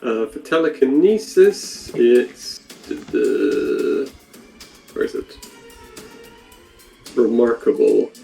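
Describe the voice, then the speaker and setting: A man playing a tabletop game, thinking aloud in an unhurried way. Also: medium pitch, very animated, dark tone, soft background music, rough recording. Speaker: player. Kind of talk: casual tabletop play.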